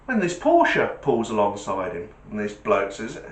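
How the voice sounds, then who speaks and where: A man's voice: on the low side, wildly swooping pitch, unhurried, reverberant. A man giving a casual, jokey vlog talk in a chatty storyteller's way. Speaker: vlogger. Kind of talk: casual monologue with a joke.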